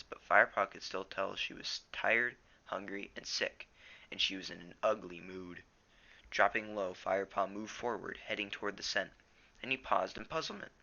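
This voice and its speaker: A man's voice: on the low side, gravelly, bright, forceful tone, dull audio. A teenage boy reading a novel aloud at home, plainly, with small stumbles. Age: teens. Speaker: reader.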